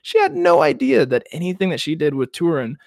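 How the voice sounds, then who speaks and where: Young male podcast co-host, casual, animated storyteller, dry mic. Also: fairly high pitch, fairly quick, creaky, dry recording. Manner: animated retelling, acts out quotes, laughs often. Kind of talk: casual book discussion.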